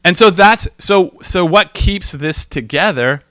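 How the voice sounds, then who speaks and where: A man's voice: high-pitched, animated, unhurried, pushed and bright, dry recording. A man giving an informal teaching talk, telling stories and acting out the voices of people he quotes. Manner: conversational, storytelling, acts out quoted voices.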